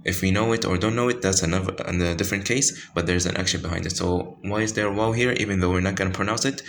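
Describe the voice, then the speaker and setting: Very low-voiced man teaching tajweed. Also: a bit bright, a little hiss or hum. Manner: halting, many fillers and self-corrections. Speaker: Quran recitation teacher. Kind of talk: informal tajweed lesson with screen pointing.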